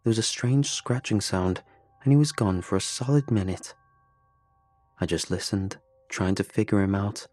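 A man telling a first-person horror story in a tense, low-key, matter-of-fact way. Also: moderate pace, darkish tone, no echo.

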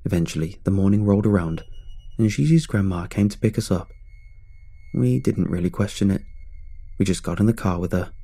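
A man narrating a scripted horror story in a measured, ominous way. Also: low voice, creaky, warm tone.

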